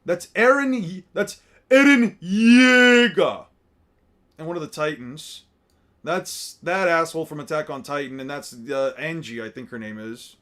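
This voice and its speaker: A man's voice: a little high, expressive, normal speed, bright, forceful tone. A man giving casual, profane commentary, muttering names and reactions as he looks over a crowded picture. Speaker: streamer reacting to artwork.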